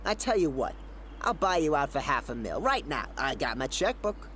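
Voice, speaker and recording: Smug mocking skater rival, high and bouncy, game cutscene, bit of hiss. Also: male voice, sing-song, moderate pace, fairly bright tone. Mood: taunting. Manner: sneering, mocking. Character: smug young male skater rival, taunting. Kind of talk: video game cutscene acting.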